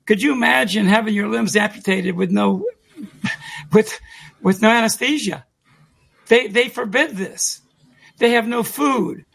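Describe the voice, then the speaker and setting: A man holding forth as co-host of a call-in talk show, pressing his points emphatically and repeating them for effect. His voice sits a little high for a man, with a rough, husky edge and a lot of gravelly fry. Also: fairly bright tone. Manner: emphatic, deliberate, repeats key phrases.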